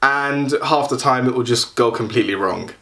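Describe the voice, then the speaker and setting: A man's voice: medium pitch, moderate pace, a bit bright. Young man, casual vlogger, wry and self-mocking. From London. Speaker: YouTuber. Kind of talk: casual vlog talk.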